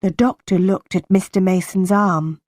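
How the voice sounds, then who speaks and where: A woman narrating a simplified audiobook in a slow, plain and deliberate reading voice. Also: medium pitch, steady tone, darkish tone, dry recording, studio quality. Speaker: audiobook reader.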